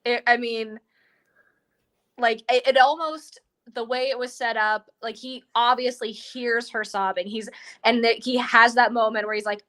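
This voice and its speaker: A woman's voice: a little high, steady tone, measured pace, fairly bright tone. A woman co-hosting a podcast, retelling a film in casual chat and voicing the characters' lines. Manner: chatty, acts out characters' lines. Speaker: podcast co-host. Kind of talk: casual movie discussion.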